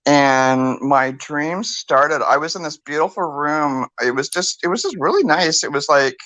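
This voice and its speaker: A woman's voice: deep voice, expressive, a little slow, a bit bright, dry recording. An older woman co-hosting a podcast, rambling chattily through a story with many restarts. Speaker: podcast co-host. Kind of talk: casual chat, storytelling.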